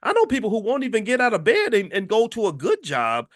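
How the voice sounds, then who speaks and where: A middle-aged man from Kentucky telling a personal story in casual commentary, animated and stumbling over his openings. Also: sits high, fast. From Louisville, Kentucky. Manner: animated, repeats words when starting sentences.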